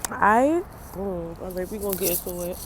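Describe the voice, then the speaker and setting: A woman's voice: on the low side, lively intonation, normal speed, a little hiss or hum. A young woman talking to her camera in a casual personal vlog, chatty and loose, laughing often, her eyes swollen from crying, outdoors in the cold. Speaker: vlogger.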